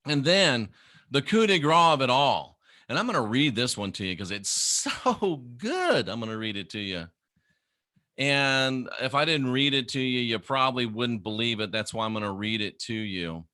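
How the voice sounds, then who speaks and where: A middle-aged man rants straight to camera in a mocking, scornful tone. His voice is sharp and forceful, and the recording is close and dry with no room sound. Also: medium pitch, animated, moderate pace, dry recording. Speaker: former minister turned critic. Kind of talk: ranting monologue to camera.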